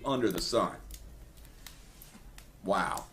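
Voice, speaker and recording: A man's voice: medium pitch, expressive, moderate pace, fairly bright tone. A man hosting an online video, ranting indignantly to his viewers and repeating himself as he pushes back at critics. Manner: indignant, repetitive, addresses viewers as guys. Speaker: earthquake forecast video host. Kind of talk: heated personal rant to viewers.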